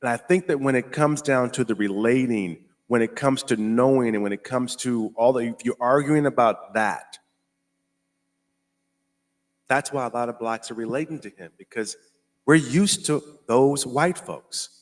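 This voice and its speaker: Brief: American male host, mid-pitched voice, emphatic, repeats himself, slows down for emphasis. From United States. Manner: emphatic, repetitive, slows down to stress points. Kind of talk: casual commentary show.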